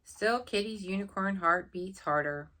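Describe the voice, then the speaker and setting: A woman reading a picture book aloud at bedtime, gentle and pausing to point things out to the listener. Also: medium pitch, slight background noise. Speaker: storybook reader.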